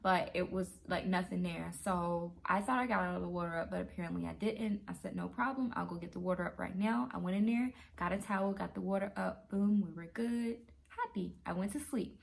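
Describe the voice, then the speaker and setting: A woman telling a true travel story in a casual, animated way, acting out her own reactions. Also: on the low side, a little fast, creaky. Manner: animated, excitable retelling. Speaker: travel vlogger.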